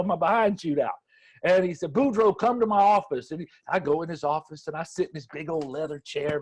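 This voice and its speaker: A man's voice: fairly high pitch, breathy edge. A man giving a folksy, emphatic motivational sales talk full of stories. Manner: folksy, emphatic, repeats phrases. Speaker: sales trainer.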